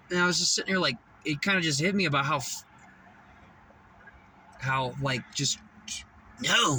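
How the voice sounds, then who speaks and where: A man's voice: on the high side, sharp tone, recorded from a distance, a little hiss or hum, low-quality recording. A man in a casual confessional monologue, rambling and profane, emphatic, with restarts and bursts of laughter.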